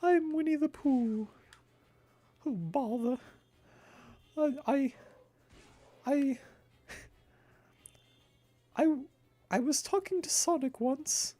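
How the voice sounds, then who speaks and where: A man doing an impression of a slow, gentle male cartoon bear, stammering as he talks. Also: extremely high pitch, voice pushed up, exaggerated voice. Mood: dreamy. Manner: halting, stammering.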